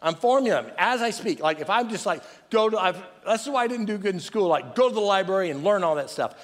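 A man delivers a sermon in a high, lively voice that swings all over the place. He speaks loudly and passionately, ad-libbing and poking fun at himself. The sound carries the long reverb of a large hall. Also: fast. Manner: loud, passionate, self-deprecating, improvised. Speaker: pastor.

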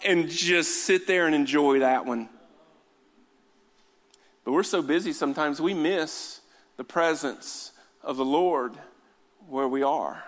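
High-voiced preacher in an echoing church. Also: male voice, slow pace, pauses often. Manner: animated, joking asides, builds to fervent exhortation. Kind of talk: sermon. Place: church hall. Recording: long hall reverb.

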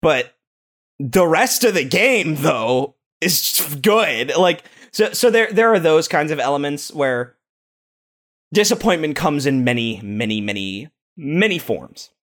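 A young man chatting casually as a podcast co-host, animated, with lots of filler words and repeats. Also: on the high side, measured pace. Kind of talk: casual chat.

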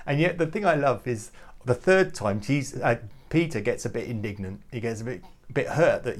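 A man giving an earnest, reflective devotional talk to youth leaders, often halting and repeating words as he goes. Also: medium pitch, expressive. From United Kingdom. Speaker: youth ministry speaker.

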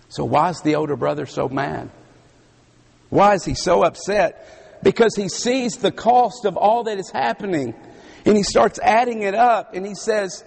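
Southern preacher guy, slow and gravelly, husky strained voice, big echoey hall. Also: on the high side, a little mellow. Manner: slow, emphatic preaching with dramatic pauses. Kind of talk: sermon. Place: large hall with audience. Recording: long hall reverb.

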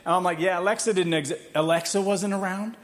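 A male pastor with a fairly high voice delivers a sermon in a church. He tells a personal story in an animated, playful way, mixing in quick asides and laughter. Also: a little hiss or hum. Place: church hall.

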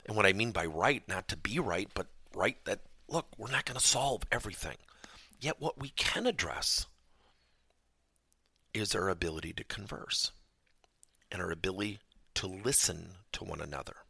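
A man's voice: low voice, expressive, moderate pace, gravelly, long pauses, sharp tone, husky, no echo. A man hosting a podcast lesson, telling personal stories and asking the listener emphatic rhetorical questions. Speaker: podcast host and workplace trainer.

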